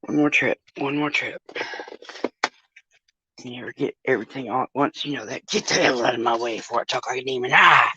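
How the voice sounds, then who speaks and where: A woman's voice: very deep voice, a little fast, sharp tone, slightly rough, no echo, highs cut off. A woman talking casually to her stream viewers while in pain, groaning and swearing often as she moves around. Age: older. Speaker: vlogger. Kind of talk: casual live-stream chat.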